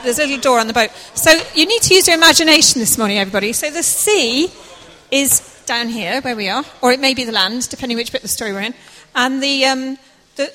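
A woman's voice: a little high, bright, forceful tone. A woman narrating a live church play and directing the cast as she goes. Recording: echoey hall with faint noise.

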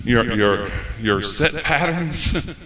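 A man's voice: medium pitch, expressive, drawn-out words, fairly bright tone, slight background noise. Folksy preacher man in an echoey church. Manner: folksy storytelling preacher, acts out his own past words. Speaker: pastor. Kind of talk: sermon. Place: church sanctuary.

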